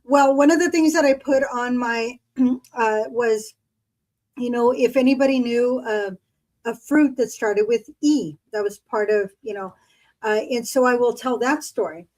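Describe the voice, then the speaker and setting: A woman's voice: on the high side, a little slow, darkish tone, rough recording. A middle-aged woman co-hosting a podcast, telling memories in a chatty, rambling way. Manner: chatty, rambling, with many fillers and colloquial speech. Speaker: podcast co-host. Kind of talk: casual chat.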